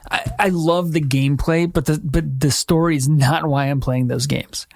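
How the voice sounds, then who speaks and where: A man's voice: a little high, steady tone, moderate pace, gravelly, a little mellow. A man co-hosting a gaming podcast, talking in a hesitant, rambling, self-deprecating way. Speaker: podcast co-host. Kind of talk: casual chat.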